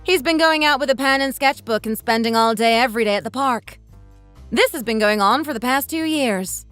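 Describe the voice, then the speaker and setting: A woman's voice: fairly high pitch, brisk, no room sound, faint music behind, close to an everyday voice. A woman voicing a sarcastic young wife who talks back bluntly to her mother-in-law in a texting-story drama. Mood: dismissive. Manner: sharp, mocking, blunt.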